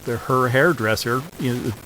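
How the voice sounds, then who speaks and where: A man with a mid-range voice chats through a classic film with his co-host. He talks in a relaxed way, leaning on filler words and chuckling now and then. A faint noise runs under the recording. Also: mid-range voice, normal speed, rough recording. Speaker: podcast co-host. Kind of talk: casual film discussion.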